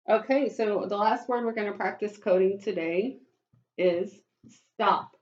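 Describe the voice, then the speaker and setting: A woman teaches young children phonics at an unhurried pace, stretching out sounds and praising them again and again. Her voice sits at a middle pitch. The webcam recording sounds a little dull and lo-fi. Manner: slow, encouraging, praising often.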